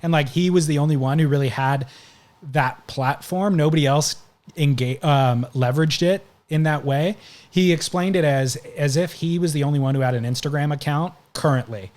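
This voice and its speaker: A man's voice: on the high side, normal speed, a little mellow. Man telling a long story on a podcast. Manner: recounting stories at length, conversational. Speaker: podcast host. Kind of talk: casual podcast chat.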